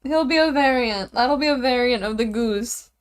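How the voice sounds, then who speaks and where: A young woman chatting casually and giggling as she draws, rambling and often trailing off quietly. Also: a little high, moderate pace, clear, resonant tone. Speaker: streamer drawing goose characters. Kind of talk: casual chat while drawing.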